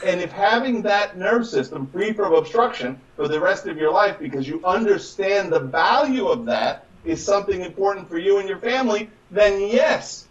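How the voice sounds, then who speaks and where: A man coaching on chiropractic business in an emphatic, conversational way, acting out patients and doctors in quick little voices. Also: sits high, far from the mic, dull audio. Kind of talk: animated conversational advice.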